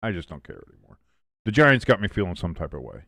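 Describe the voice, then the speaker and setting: A man's voice: low voice, very animated, quick pace, gravelly, pushed and bright, no echo, clean studio sound. A man hosting a live football watch-along. He calls plays, reads chat and drops exasperated, swearing asides in casual commentary. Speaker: host of a live sports watch-along stream.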